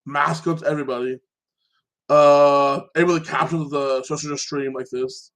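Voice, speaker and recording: A man excitedly recapping a movie in a casual chat, rambling and filling his talk with fillers. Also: on the high side, moderate pace. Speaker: podcast host.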